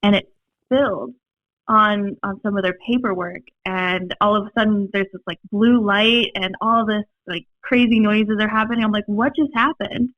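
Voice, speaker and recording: A young woman with a Minnesota accent, a podcast guest telling stories in a rambling, animated way, full of fillers and laughs. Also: medium pitch, moderate pace, dry recording. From Minnesota, USA. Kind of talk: casual storytelling chat. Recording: dry, slightly dull podcast audio.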